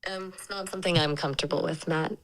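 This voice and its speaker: A woman's voice acting as an AI chat companion, upbeat and polite, quick to agree in casual chat. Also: low voice, fairly even intonation.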